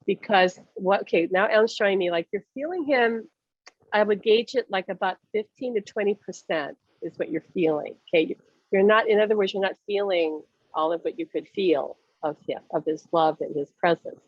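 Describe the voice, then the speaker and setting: Woman medium, lively and chatty, lo-fi dry recording. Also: mid-range voice, normal speed, dry recording. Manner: animated, acts out voices, laughs often. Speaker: medium giving readings. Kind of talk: casual reading over a call.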